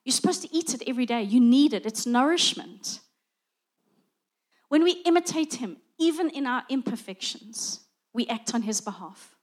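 Woman, middle-aged, preacher, high-pitched, conversational sermon, animated storytelling. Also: normal speed. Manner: conversational, animated, acts out little dialogues.

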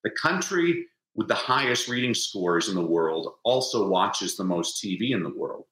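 A man's voice: on the low side, normal speed, echoey room, poor audio. A middle-aged man from the United States, a teacher and reading coach, telling jokey stories in a casual interview. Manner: animated storyteller, jokey.

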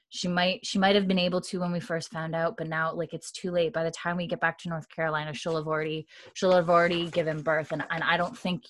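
Woman, fairly low voice, dry close sound, chatty episode recap, lots of "like". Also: dry recording. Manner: retells dialogue in a hushed, lowered voice with frequent "like". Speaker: podcast co-host recapping a TV episode. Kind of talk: casual chat, retelling scenes with quoted lines.

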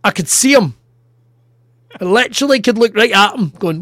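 A Scottish man with a notably high voice tells rambling, sweary stories from his comedy gigs. He talks in an animated, rough-edged way. The sound is close and completely dry, with no room in it. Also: moderate pace, no echo. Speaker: comedian and podcast co-host. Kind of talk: casual podcast chat, anecdotes.

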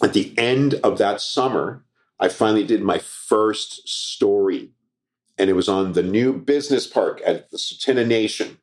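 Low-voiced man telling lively stories. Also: normal speed. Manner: animated storyteller acting out quoted dialogue. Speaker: guest, former TV reporter and comedian. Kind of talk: casual storytelling interview.

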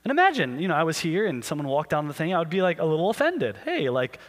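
High-voiced pastor in a reverberant hall. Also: male voice, racing. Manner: animated storytelling, acting out questions. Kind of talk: sermon.

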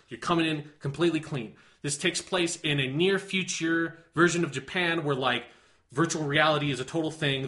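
A man's voice: a little high, sharp tone. A man co-hosting a casual podcast, rambling enthusiastically with lots of swearing and constant "like". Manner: rambling, profane, enthusiastic, heavy use of "like". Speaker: podcast co-host.

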